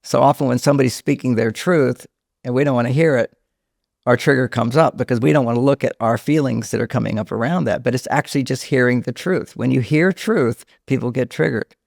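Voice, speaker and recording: Older male counselor guest, gravelly voice, dry close mic, long explanations. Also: medium pitch, fairly quick, dry recording. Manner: explains at length, drops to a hushed voice when quoting a scared child. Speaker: relationship counselor and author, guest. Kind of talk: conversational podcast interview.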